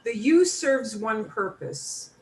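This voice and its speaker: An American woman teaching a beginners' Spanish class, slowly modeling each word for her students to repeat. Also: on the high side, lively intonation, darkish tone. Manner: slow, clear modeling of words for repetition. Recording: room mic from a distance, faint noise.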